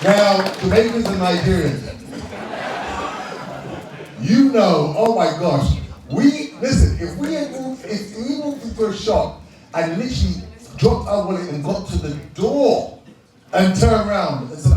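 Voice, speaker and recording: British male emcee, somewhat high voice, playful crowd banter; heard from off-mic in a boomy hall. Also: animated, unhurried. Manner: joking, laughing, shouting out to the crowd. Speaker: awards night host. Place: large indoor event hall with a live crowd. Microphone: handheld microphone. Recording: echoey hall, distant mic, crowd noise.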